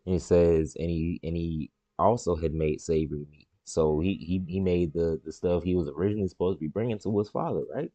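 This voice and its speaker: Deep, dark-voiced man reading scripture casually. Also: a little fast, few pauses, dry recording, muffled recording. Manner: slangy, repeats words, jumps into high excited voices for quoted characters. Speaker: stream host reading scripture. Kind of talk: casual Bible reading and commentary.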